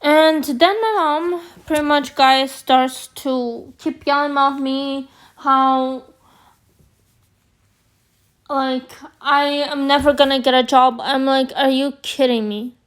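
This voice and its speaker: Woman vlogger, high-pitched, slightly hoarse, slow rambling storyteller. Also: steady tone, a bit bright. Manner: rambling, filler-heavy, addresses viewers as guys. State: hoarse from screaming. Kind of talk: storytime chat.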